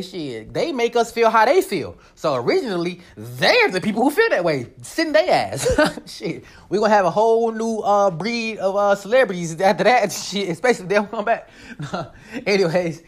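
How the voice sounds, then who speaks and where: A woman giving casual commentary on a vlog, animated and profane, laughing often as she rants. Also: medium pitch, moderate pace. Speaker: vlogger.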